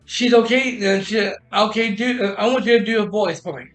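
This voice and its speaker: High, bright-voiced man rambling through a story. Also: soft background music, low-quality recording. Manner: halting, repeats and restarts phrases, quotes others in dialogue. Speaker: podcast host telling a story. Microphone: streaming mic.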